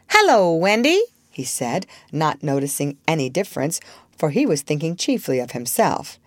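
A woman narrating a storybook aloud in an expressive, gently wistful way. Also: medium pitch, no echo, clean studio sound. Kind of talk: storybook reading.

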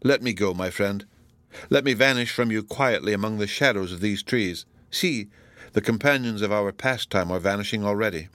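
Storybook figure: melancholy young woman, imperious and grave, read by a low-voiced man. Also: moderate pace, fairly bright tone, no room sound, close to an everyday voice.

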